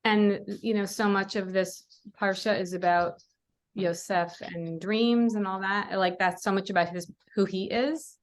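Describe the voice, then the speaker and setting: A woman's voice: mid-range voice, steady tone, measured pace, slight background noise. A woman taking part in a study group discussion, speaking hesitantly and searching for her words.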